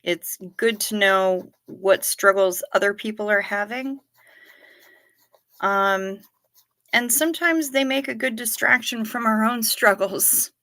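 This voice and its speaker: A woman hosting a casual livestream, reading viewer comments in a gentle, sympathetic way. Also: medium pitch. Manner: slow, gentle and sympathetic, talking to chat. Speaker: livestream host.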